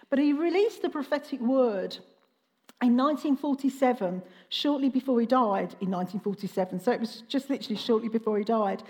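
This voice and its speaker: A woman's voice: high-pitched, a little mellow, in a large hall. A woman pastor preaching a sermon in an earnest, conversational way with some fillers.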